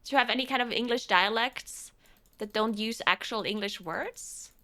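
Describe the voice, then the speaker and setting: Bright-voiced woman chatting on stream. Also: fairly high pitch, normal speed. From South Tyrol, Italy. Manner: rambling, frequent restarts, reads out chat. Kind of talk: casual chat with viewers.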